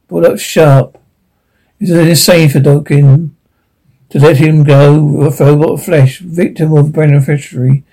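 A man reading a science-fiction story aloud, with a halting delivery that often stumbles and repeats. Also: fairly high pitch, dark tone, rough recording. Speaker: audiobook narrator. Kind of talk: sci-fi audiobook reading.

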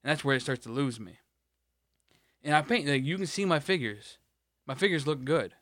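This podcast co-host has a fairly high, fairly bright voice and speaks at normal speed. He rambles and swears in casual chat, restarting often. The studio recording is clean, without room sound.

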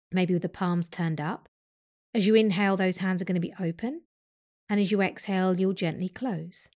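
Gentle woman guiding a breathing practice. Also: medium pitch. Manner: slow, gentle guiding instructions. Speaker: yoga teacher. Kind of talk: guided breathing meditation.

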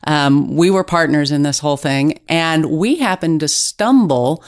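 A middle-aged woman journalist, a guest in an interview, telling stories in a lively casual way with restarts. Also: deep voice, unhurried. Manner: animated storytelling with restarts.

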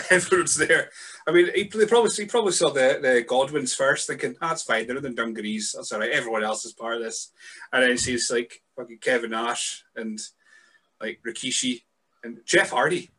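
Brief: male podcast host, laid-back and sweary, bright forward voice. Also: mid-range voice, a little fast, breathy edge. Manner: easygoing, sweary, hesitant with fillers. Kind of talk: casual podcast chat.

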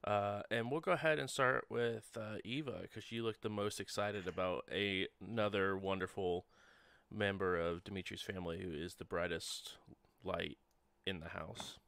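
A man's voice: low-pitched, steady tone, normal speed, creaky, a bit bright, no echo. A man hosting a tabletop game session in a wry, chatty way, with many ums and uhs. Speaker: game master.

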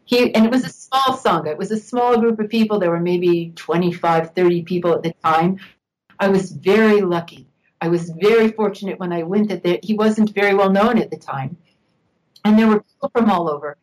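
A woman's voice: mid-range voice, fairly quick, darkish tone, low-quality recording. An older woman, a guest on an interview show, reminiscing at length with an occasional laugh. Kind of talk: interview storytelling.

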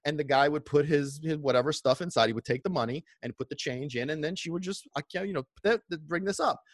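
A middle-aged man casually telling stories from his past in a rambling, animated way, with many restarts. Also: a little high, fast, dry recording, studio quality. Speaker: vlogger. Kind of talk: casual nostalgic storytelling.

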